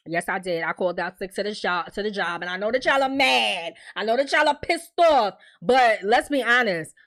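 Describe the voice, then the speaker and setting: A young woman vlogger, recapping a TV episode in a casual, animated way and acting out the characters' lines. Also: medium pitch, moderate pace, no echo. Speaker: vlogger reviewing a TV series.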